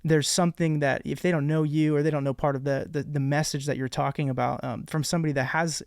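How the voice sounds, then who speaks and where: A man hosting a podcast, speaking casually in halting, rambling sentences full of restarts. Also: fairly high pitch, steady tone, creaky, darkish tone, dry recording, studio quality. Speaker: podcast host.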